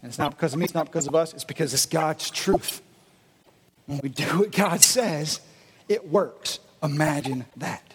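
A male pastor giving an animated sermon, acting out the voices of his listeners. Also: fairly high pitch, normal speed, husky. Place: church meeting in a gym. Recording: echoey hall.

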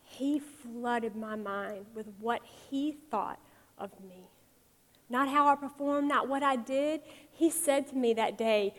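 A woman who is a mother, giving a conversational, lively sermon and acting out quotes. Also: fairly high pitch, takes it slowly. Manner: conversational, animated, acts out quotes, soft for tender parts. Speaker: speaker at a women's or church talk. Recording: long reverb of a large hall.

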